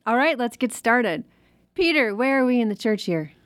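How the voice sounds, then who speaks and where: Bright-voiced woman hosting a podcast. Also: on the high side, lively intonation, moderate pace, no room sound, clean studio sound. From Wisconsin, USA. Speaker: podcast host and producer. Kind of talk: hosting a podcast and reading scripture.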